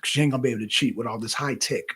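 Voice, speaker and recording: A man's voice: medium pitch, very fast, breathy edge. A man co-hosting a political talk show, talking casually and profanely straight to his viewers. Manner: animated, profane, chatting directly to viewers. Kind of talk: casual livestream commentary.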